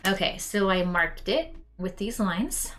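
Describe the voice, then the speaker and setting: This young woman's voice sits at medium pitch, with a fairly bright tone and lively intonation, though her pace runs a little slow. She hosts a relaxed cosplay crafting stream from her home craft room, talking directly to "you guys" with frequent ums while soft music plays behind her.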